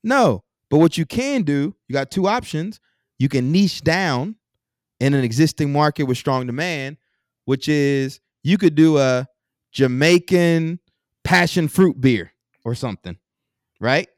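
A man's voice: fairly high pitch, a little slow, dry recording, studio quality. A man from Texas, a podcast guest explaining business ideas with examples and rhetorical questions in a casual interview.

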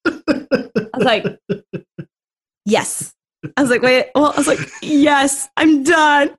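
A woman's voice: high voice, takes it slowly, long pauses, breathy edge. A young adult woman, a masters swimmer guest, telling a story in a casual interview and acting out the quotes. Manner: animated storyteller, acts out quotes.

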